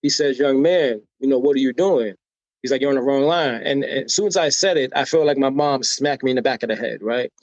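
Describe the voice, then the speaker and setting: An animated American storyteller, appearing as a podcast guest, talks briskly in a mid-range voice, performing the voices of people he quotes and frequently adding "right?". The recording is dry and a bit dull, with a modest lo-fi quality.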